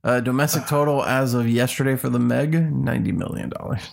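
A man with a strongly gravelly, fry-laden voice at mid pitch, chatting in an easygoing way. He pads his talk with fillers and wry asides as he sums up films. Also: fairly even intonation, fairly quick, a little mellow. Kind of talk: casual chat.

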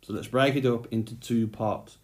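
A man's voice: mid-range voice, steady tone, normal speed. A man teaching a phonics lesson to young children, speaking patiently and sounding out letters one by one.

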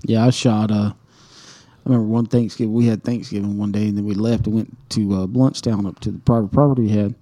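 Male co-host; warm, dark tone; animated, profane storyteller. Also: fairly low pitch, brisk. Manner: animated storyteller, swears freely, laughs mid-story. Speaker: podcast co-host. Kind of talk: casual hunting story.

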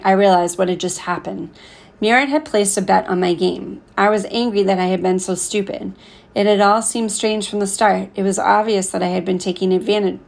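Woman narrating a story, gravelly. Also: mid-range voice, a little mellow. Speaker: audiobook narrator. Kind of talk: scripted narration.

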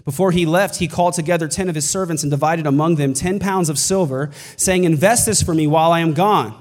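High-voiced pastor preaching in a hall. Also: male voice, fast talker. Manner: emphatic preaching, building to shouts. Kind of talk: sermon.

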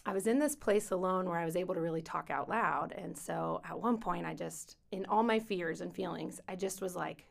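A woman guest, a teen minister, telling a personal faith story on a podcast in a soft, reflective way with pauses. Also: on the low side, vocal fry.

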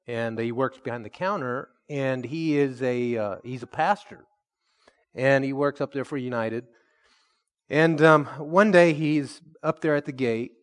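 A man preaching a sermon, telling a story and slowing down to stress key words. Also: mid-range voice. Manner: storytelling preacher, slows for emphasis and rises when excited. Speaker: pastor.

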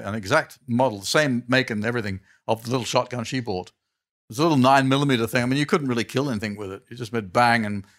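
An older man spins stories for an interviewer, breaking into chuckles and backing up mid-sentence to restart. His voice sits in an ordinary middle pitch for a man, and he talks casually. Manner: animated, chuckling storyteller who trails off and restarts. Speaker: guest. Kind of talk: anecdotal storytelling in a casual interview.

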